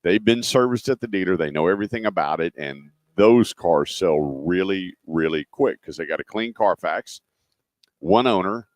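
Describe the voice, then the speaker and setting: A man's voice: low-pitched, lively intonation, moderate pace, no room sound. A middle-aged man hosting a live car radio show, telling folksy stories with lots of fillers. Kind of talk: live radio talk with dealership promos. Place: live remote broadcast at a dealership.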